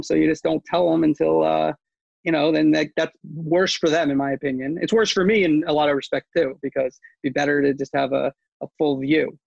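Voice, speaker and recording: A man's voice: on the high side, creaky, slightly rough, no echo, highs cut off. A man who works as a sports media reporter, talking casually in an interview, rambling with many fillers and restarts.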